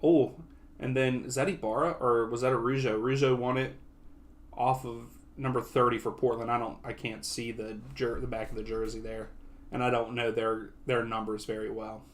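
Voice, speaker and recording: Excitable man doing casual play-by-play. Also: medium pitch, moderate pace. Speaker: watch-along host. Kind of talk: live match commentary.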